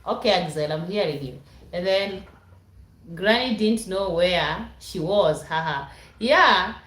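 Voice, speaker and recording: Woman on a livestream reading chat out loud, talks slow, laughs a lot, kinda echoey room. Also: fairly low pitch, expressive. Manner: chatty, laughs often, reads comments aloud. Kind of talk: casual live chat. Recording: roomy echo.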